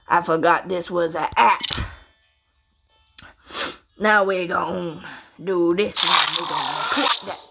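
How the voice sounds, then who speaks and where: A woman's voice: fairly low pitch, pushed and bright. A woman giving crude comedic gameplay commentary, cackling often and doing mock-tough "daddy" banter. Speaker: let's play gamer. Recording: noisy, with mouse clicks.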